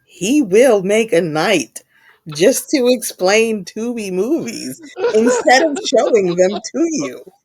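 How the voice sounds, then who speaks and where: A woman's voice: a little high, very animated, a little mellow, slightly rough. A woman co-hosting a casual podcast chat, teasing her partner and laughing often. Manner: teasing, giggly, quick to laugh. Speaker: podcast co-host.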